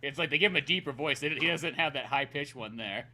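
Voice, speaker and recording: A man co-hosting a casual podcast, talking in an animated way, swearing often and slipping into goofy voices. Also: medium pitch, fast, slight background noise. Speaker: podcast co-host.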